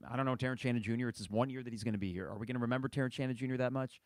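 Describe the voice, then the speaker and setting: A man's voice: medium pitch, steady tone, racing, no echo. A man in his thirties hosting a sports fan podcast, commenting in an impassioned, exasperated rant. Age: 30s. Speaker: podcast host.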